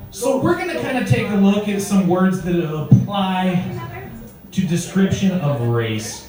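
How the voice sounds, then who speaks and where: On a comedy club stage, a male stand-up comedian tells crude stories conversationally and works the crowd. His high, sing-song voice is a little mellow and moves at a normal speed, captured from far off in an echoey club with the audience audible.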